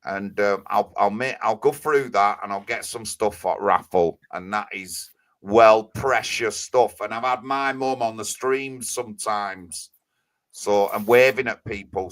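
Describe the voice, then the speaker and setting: Low-voiced man chatting casually. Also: fairly bright tone. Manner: rambling, earnest, with many fillers. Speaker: co-host and media spokesman. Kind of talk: casual live-stream chat.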